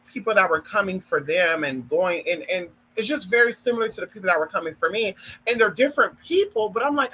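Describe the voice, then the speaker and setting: A man's voice: high voice, pushed and bright, slightly rough, low-quality recording. A man in a sassy, flamboyant, profane casual gossip vlog, calling listeners honey and girl. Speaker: spiritual content creator.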